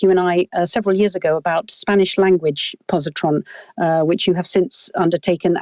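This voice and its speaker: A woman's voice: on the low side, darkish tone, no echo. A woman hosting an interview, speaking in a thoughtful, articulate way. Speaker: podcast host. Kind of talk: casual interview chat.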